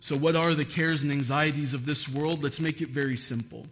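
A man's voice: a little high, steady tone, fairly quick, a bit bright. A man preaching a sermon, asking his listeners questions and building to emphatic, repeated phrases. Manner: asks the audience questions. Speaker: pastor.

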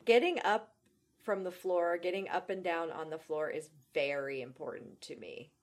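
A woman's voice: lowish voice, moderate pace. A woman fitness coach in a casual podcast chat, earnest and agreeable, chiming in with short affirmations.

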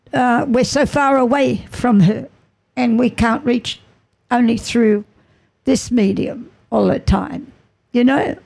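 A middle-aged woman giving an earnest, emotional personal testimony as a mother, halting and repeating her phrases. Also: a little high, vocal fry, a little mellow.

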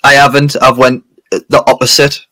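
A man's voice: medium pitch, level tone, normal speed, sharp tone, poor audio. Rambling man on a podcast. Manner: rambling, laughing often, trails off and restarts. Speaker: podcast co-host. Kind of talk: casual chat.

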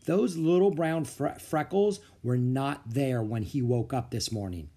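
As a podcast storyteller, a man reads a children's novel aloud with expressive, animated narration. His medium-pitched voice is unhurried, slightly rough and touched with vocal fry.

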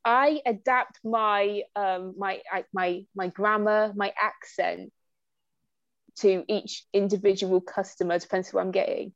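A woman's voice: mid-range voice, fairly even intonation, dry recording. Blunt, swearing woman, muffled sound. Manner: blunt, swearing, quick restarts. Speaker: podcast co-host. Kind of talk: casual chat. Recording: slightly dull, muffled sound.

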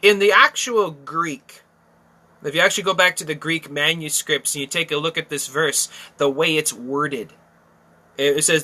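A man's voice: fairly high pitch, moderate pace, bright, forceful tone. A man teaching through a Bible passage, emphatic, repeating key phrases and asking rhetorical questions.

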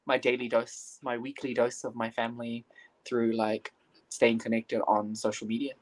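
A man's voice: mid-range voice, flat delivery, moderate pace, rough recording. A young man from New Zealand, a guest teacher talking casually in an interview, hesitant with many fillers and restarts.

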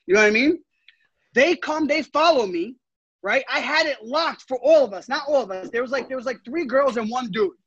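A man's voice: extremely high pitch, animated, a little fast, fairly bright tone, slightly rough, no echo, highs cut off. A man co-hosting a casual podcast chat, telling stories with animation, cutting in and swearing. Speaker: podcast co-host.

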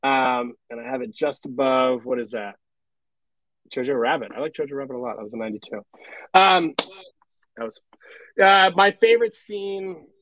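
A man's voice: mid-range voice, lively intonation, normal speed, pauses often, fairly bright tone, dry recording, rough recording. A man co-hosting a podcast, chatting casually about a comedy film, rambling and often breaking into laughter. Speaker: podcast co-host. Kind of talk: casual movie review chat.

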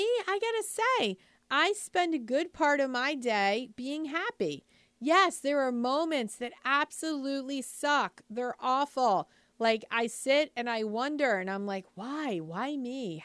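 This woman is a lifestyle speaker giving moms a casual, upbeat motivational talk in a high, fairly bright voice. She's chatty, full of "like" and "you know," and keeps throwing rhetorical questions at the listener. There's no echo.

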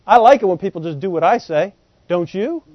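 High-voiced, folksy male preacher. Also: expressive, normal speed, no room sound, muffled recording. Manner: folksy and joking, with southern slang; addresses the congregation with questions. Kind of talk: sermon.

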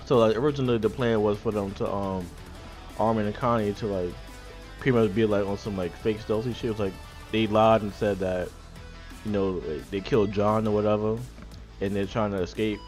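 A man's voice: lowish voice, fairly even intonation, brisk, darkish tone, soft background music. A young man co-hosting a podcast, retelling anime scenes in laid-back, slangy, profane talk. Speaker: podcast co-host. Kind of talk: casual anime recap chat.

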